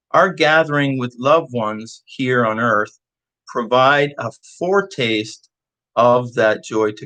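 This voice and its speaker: A man shares a church devotional at an unhurried pace. His voice sits at a middling pitch, heartfelt and a little hesitant, and he sounds like he is recovering from illness. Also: a bit bright, rough recording. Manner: slow, heartfelt, with hesitant restarts. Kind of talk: reading a devotional and praying.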